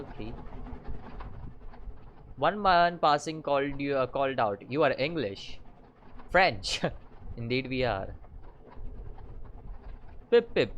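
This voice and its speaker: A man hosts a casual let's-play of a story game, reading its text aloud in a halting way with fillers and restarts. His voice sits at an ordinary middle pitch. A faint background noise runs under the recording. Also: fairly bright tone, dull audio. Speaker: gaming channel host.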